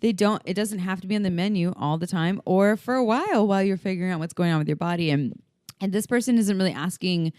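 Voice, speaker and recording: A woman's voice: medium pitch, fast, darkish tone, smooth, dry recording, clean studio sound. A woman co-hosting a podcast, chatting frankly and giving advice on intimacy, laughing often. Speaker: podcast co-host. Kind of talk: casual chat and advice.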